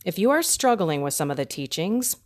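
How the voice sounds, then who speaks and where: A woman's voice: lowish voice, big pitch swings, a little fast, darkish tone. Earnest woman sharing her faith story. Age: middle-aged. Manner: earnest and conversational, with frequent laughs and emphatic repetition. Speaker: podcast host. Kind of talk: personal faith testimony monologue.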